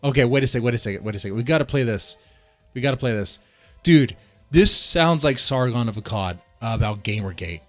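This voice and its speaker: A male streamer reacts to a video in a casual live-stream rant, directing heated, profane outbursts at his chat. He repeats lines and trips over restarts, speaking expressively and fairly quickly at an ordinary middle pitch. Soft music plays underneath, with no room sound.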